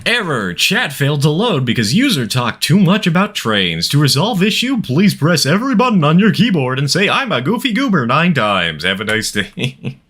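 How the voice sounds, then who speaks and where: A man's voice: on the high side, wildly swooping pitch, moderate pace, a bit bright, slightly rough, pitched above the performer's own voice, exaggerated voice. A man putting on a mock automated error-message announcer, with a stiff, formal announcement delivery. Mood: mock-official.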